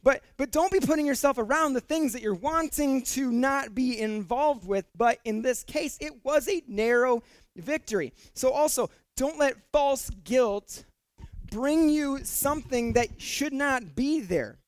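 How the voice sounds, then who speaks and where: A man preaching in a conversational, joking way, often doubling his words as he builds a point. His voice sits high for a man and comes through smooth and clear. The recording is dry and close. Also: unhurried, no room sound. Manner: conversational and jokey, repeats words when excited. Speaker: pastor. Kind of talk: sermon.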